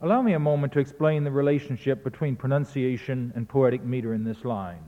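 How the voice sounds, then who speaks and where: A man's voice: medium pitch, quick pace. Pedantic male lecturer, echoey and dull. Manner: precise, pedantic, self-correcting. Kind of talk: spoken lecture on recordings and verse.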